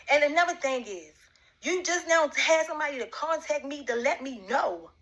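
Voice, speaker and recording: Accusing woman with a bright, high voice. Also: animated, moderate pace, dull audio. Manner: repetitive, accusing, talks straight at one man. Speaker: vlogger addressing a rival. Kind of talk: confrontational direct-to-camera rant.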